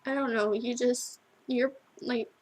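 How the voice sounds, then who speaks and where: A teenage girl recording a tearful video message to her best friend, halting and full of restarts as she cries. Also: a little high, steady tone, a little mellow, poor audio. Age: teens. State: crying. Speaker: vlogger.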